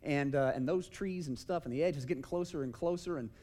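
Man, youth pastor, casual sermon, conversational, fairly high voice. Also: fast, darkish tone. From Georgia, US. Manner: conversational, keeps asking "right?".

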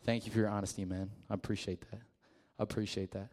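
A man preaching to a youth group in a casual, conversational way, sometimes dropping to a hushed voice for a story. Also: lowish voice, level tone, fast talker. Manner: casual and conversational, with fillers and restarts; drops to a quiet, hushed voice in the story. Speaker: youth pastor.

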